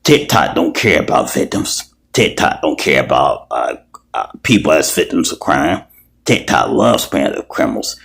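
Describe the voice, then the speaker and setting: A man's voice: a bass voice, sing-song, moderate pace, gravelly, fairly bright tone. A man in an angry, profane vlog rant, repeating himself and stumbling over words as he talks heatedly. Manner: profane, heated, repetitive ranting; stumbling restarts. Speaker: video creator.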